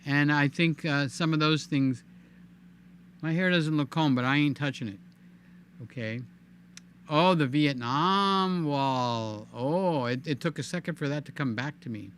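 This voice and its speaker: A man hosting a live stream in casual, animated chat, cooing in baby talk and reading viewer comments aloud. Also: a little high, unhurried, a little hiss or hum. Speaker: livestream host.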